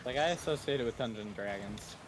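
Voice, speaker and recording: A man's voice: mid-range voice, fast. Dry, teasing man on noisy voice chat. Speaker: streaming teammate. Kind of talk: casual gaming chat.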